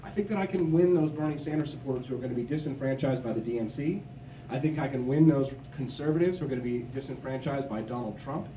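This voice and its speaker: A young man from Missouri giving a forceful, combative campaign speech at a convention. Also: medium pitch, fast talker, a little hiss or hum. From Missouri, USA. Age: young adult. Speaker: political candidate. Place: convention hall. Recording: echoey hall, from a distance.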